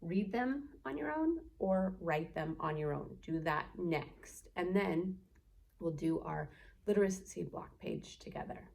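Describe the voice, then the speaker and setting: A woman teacher leading a children's phonics lesson, slowly sounding out letters and blending them into words with gentle encouragement. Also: on the low side, lively intonation, gravelly. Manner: gentle, encouraging teacher talk to young kids.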